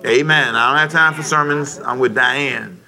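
A middle-aged man preaching a sermon to a congregation, lively and joking, rising to shouts. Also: medium pitch, normal speed, vocal fry. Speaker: pastor. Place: church sanctuary before a congregation.

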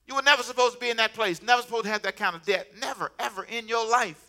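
A pastor with a very high voice preaches quickly, joking with his congregation and breaking into laughter in a humorous, animated sermon.

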